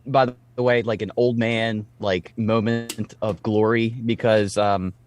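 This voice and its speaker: A man in his late thirties telling stories in casual podcast chat, animated and swearing freely. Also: on the low side, unhurried, faint music behind.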